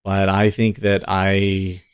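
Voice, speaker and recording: A man's voice: low-pitched, completely flat delivery, slow, smooth, no room sound, clean studio sound. A man hosting a live day-trading stream, thinking aloud and cheering on his trades in easy casual chat.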